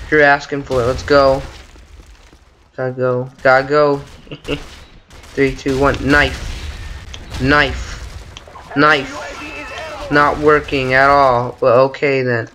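Bright-voiced young man cursing at a shooter game. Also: a little high, slight background noise. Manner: excitable, mutters and curses at the game. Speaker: gaming channel host. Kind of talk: casual gameplay commentary. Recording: faint gunfire game audio behind.

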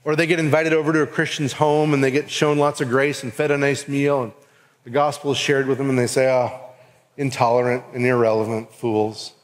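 A man's voice: fairly high pitch, flat delivery, fast talker. Man preaching in a reverberant hall. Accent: Southern US. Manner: earnest preaching, acts out quoted voices. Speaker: pastor. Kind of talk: sermon. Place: church sanctuary.

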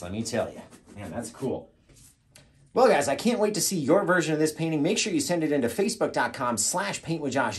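Lively chatty man teaching painting. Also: mid-range voice. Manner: chatty, encouraging, repeats phrases; jumps into a loud, upbeat radio-style voice for his intro takes. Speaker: painting instructor. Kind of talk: live painting tutorial.

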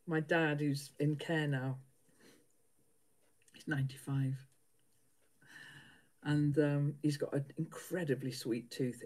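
A woman's voice: deep voice, darkish tone. A middle-aged woman, chatting casually with live viewers while she sews, laughing often. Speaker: livestream host.

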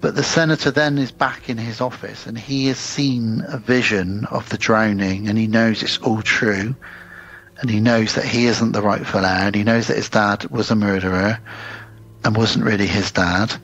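A man with a gravelly, somewhat husky voice, co-hosting a podcast. He recaps a film's plot in a steady, methodical way, in relaxed conversational chat. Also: fairly low pitch, normal speed, dull audio. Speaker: podcast co-host. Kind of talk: casual chat, recapping a film.

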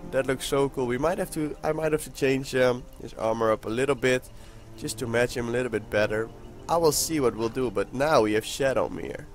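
A young man hosting a casual let's-play, excitable and chatty with his viewers, with a hoarse voice that keeps cracking. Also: mid-range voice, fairly quick, faint music behind. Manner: excitable, talks to viewers while playing. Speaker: gaming channel host.

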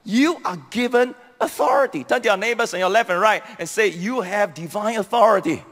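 Singaporean pastor guy preaching hard, real high voice, echoey big hall. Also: a little fast, fairly bright tone. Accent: Singaporean English. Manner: emphatic preaching, repeating key phrases, sweeping pitch swings. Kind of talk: sermon.

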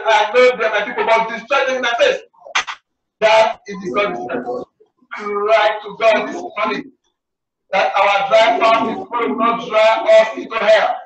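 A high-pitched man leads an impassioned prayer sermon, calling again and again for mercy in a flat, steady tone. He is heard from a distance in a very echoey church hall, and the recording sounds muffled. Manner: impassioned, repetitive pleading calls to repent. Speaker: pastor.

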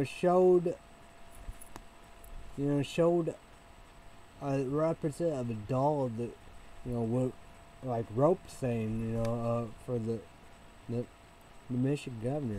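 Rambling man with a dark voice. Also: mid-range voice, a little hiss or hum, rough recording. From Illinois, United States. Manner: halting, repetitive, swings into loud excited shouting. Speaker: vlogger. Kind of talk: rambling casual rant.

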